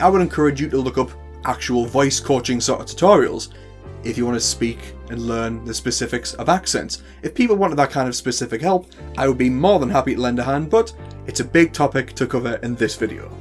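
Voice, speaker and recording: A man's voice: mid-range voice, lively intonation, fairly quick, faint music behind. A man with a northern English accent hosting a tutorial, chatty with playful asides. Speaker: host. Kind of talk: tutorial talk to camera.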